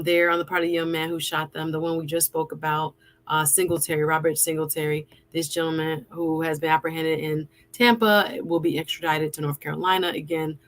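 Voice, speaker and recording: Low-voiced woman hosting a live stream. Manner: conversational, reads viewer comments aloud. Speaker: host and attorney. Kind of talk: casual live-stream talk.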